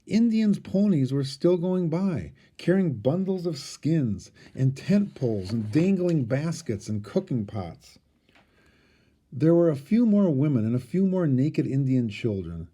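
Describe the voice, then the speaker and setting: A man, a teacher, reading a storybook aloud with expressive storytelling. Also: fairly high pitch, unhurried.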